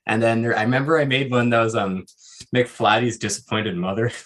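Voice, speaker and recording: A man's voice: medium pitch, brisk, a bit bright. A man chatting as a guest on a livestream call, teasing others and laughing at his own jokes. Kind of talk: casual chat.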